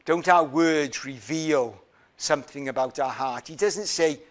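A man preaching a sermon in a deliberate, emphatic way, often asking rhetorical questions. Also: mid-range voice.

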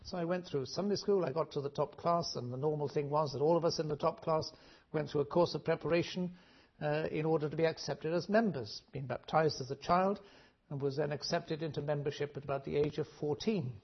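A Welshman with a voice on the high side and slightly rough gives an earnest, measured sermon, often restarting his sentences. The recording is dull and lo-fi.

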